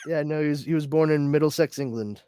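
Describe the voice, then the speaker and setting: A man's voice: fairly high pitch, quick pace, mellow, clean tone, no room sound, studio quality. A man hosting a casual podcast chat, reading out listener comments and rambling with many restarts. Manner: rambling, frequent restarts and fillers. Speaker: podcast host.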